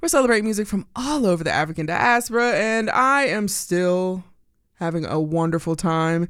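A woman from Pennsylvania hosting a radio music show, chatty and bubbly, her pitch and pace jumping around as she talks. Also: moderate pace, no room sound. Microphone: studio mic. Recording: dry studio sound.

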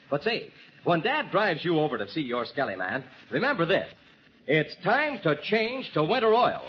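A man working as a radio announcer, hearty and folksy in a 1940s style. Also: high voice. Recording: dull old radio broadcast, faint hiss.

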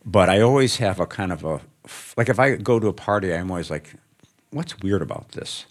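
Older Midwestern-born author, very deep voice, musing onstage, wry and anecdotal. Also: male voice, expressive, quick pace. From American Midwest. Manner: reflective, anecdotal, gently humorous. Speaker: author guest. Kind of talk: onstage conversation before an audience.

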